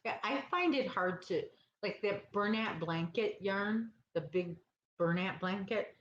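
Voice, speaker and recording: A woman hosting a casual crochet livestream, chatting with viewers in a rambling, sleepy way and losing her train of thought. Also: mid-range voice. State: sleepy, yawning. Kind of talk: casual chat with live viewers. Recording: roomy, dull lo-fi sound with faint noise.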